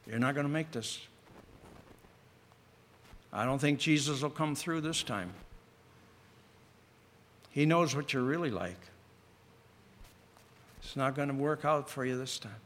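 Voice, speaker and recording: Preacher doing a sly, discouraging devil, low and hushed, with hall reverb. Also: male voice, unhurried, pauses often, lightly acted. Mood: taunting.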